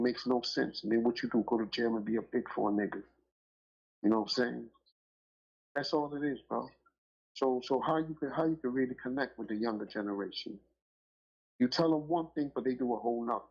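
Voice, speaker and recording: Brief: husky middle-aged man, rambling profane storyteller, dull lo-fi podcast audio. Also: medium pitch, brisk, pauses often, darkish tone. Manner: profane, rambling and emphatic, with many filler phrases.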